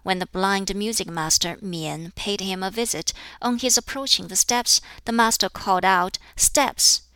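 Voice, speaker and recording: A woman narrates an audiobook of an old classic in a steady, deliberate reading. Her voice is bright and ringing, clean and smooth, and the sound is dry with no room around it. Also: medium pitch, no room sound. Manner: measured, deliberate reading, with dialogue read near her own voice. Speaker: audiobook reader. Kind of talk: scripted narration of a classic text.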